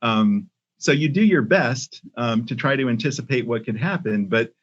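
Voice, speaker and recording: Older man, husky voice, muffled audio. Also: medium pitch, lively intonation. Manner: measured, many ums and restarts. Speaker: podcast guest, company CEO. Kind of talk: casual interview talk.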